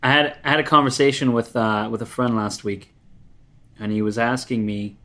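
A man's voice: mid-range voice, fairly even intonation, normal speed, a bit bright. A man hosting a podcast, chatting casually in a friendly, upbeat way. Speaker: podcast host. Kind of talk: casual interview chat.

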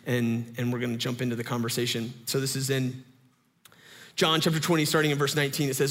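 A man in his thirties, a pastor giving a sermon in a chatty, animated storytelling way. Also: medium pitch, fast, in a large hall. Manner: animated, conversational storytelling with lots of fillers.

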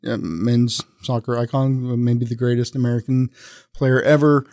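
A man's voice: medium pitch, fairly even intonation, moderate pace, a little mellow, dry recording, clean studio sound. A man, a reporter and podcast host, talking as a guest in casual chat, with many restarts and fillers.

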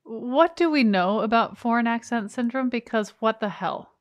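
A woman's voice: fairly high pitch, animated, normal speed, no room sound, clean studio sound. A woman interviewer asking blunt, curious questions in a casual way.

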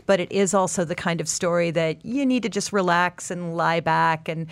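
A woman's voice: lowish voice, normal speed, clear, resonant tone, no room sound. A woman co-hosting a book chat, enthusiastic as she discusses the book. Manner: enthusiastic, gushing. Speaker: book show co-host.

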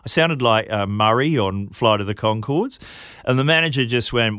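A man's voice: mid-range voice, normal speed, pushed and bright, clean tone, dry recording, studio quality. Kiwi man with an odd, drifting accent. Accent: mixed New Zealand and Australian, drifting English. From New Zealand. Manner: laughs often, self-deprecating anecdotes. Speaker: guest, comedian. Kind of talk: casual interview storytelling.

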